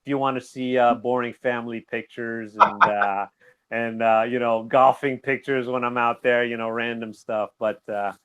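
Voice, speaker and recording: A man guesting on a boxing talk show, rambling in an animated way and laughing easily. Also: medium pitch, moderate pace, clean tone, highs cut off. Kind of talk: casual boxing recap chat.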